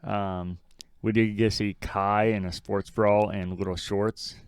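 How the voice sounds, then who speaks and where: A man's voice: fairly low pitch, little pitch movement, measured pace, clean tone, no room sound. A man co-hosting a podcast in casual chat, blunt and swearing freely as he mocks lines he quotes. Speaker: podcast co-host.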